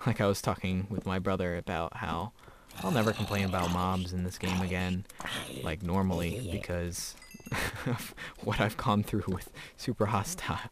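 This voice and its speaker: A man's voice: sits low, normal speed, noisy background. A teenage boy giving casual, rambling gameplay commentary, chatty and often breaking into laughter. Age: teens. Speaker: gamer.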